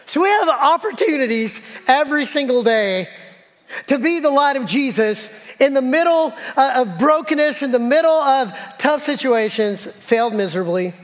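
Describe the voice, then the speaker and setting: Pastor, man, middle-aged, higher voice; conversational sermon, acts out stories; long church reverb. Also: lively intonation, normal speed. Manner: conversational, self-deprecating, acts out dialogue. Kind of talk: sermon with personal storytelling. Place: church sanctuary.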